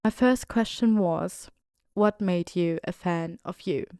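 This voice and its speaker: A woman hosting a fan podcast in a casual, chatty, excitable way, often apologizing. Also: fairly low pitch, takes it slowly, clear, resonant tone, no echo, studio quality. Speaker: podcast host.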